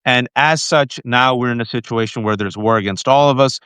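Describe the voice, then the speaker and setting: A man's voice: mid-range voice, fairly quick, fairly bright tone, clean tone, no room sound. A man hosting a live-stream political talk show, telling events in an urgent, earnest way. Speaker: host. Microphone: phone mic.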